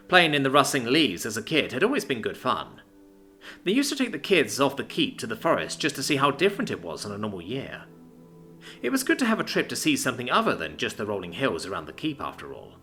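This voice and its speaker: Brief: male narrator, very animated delivery, bright tone, soft music behind. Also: mid-range voice. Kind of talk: storybook narration.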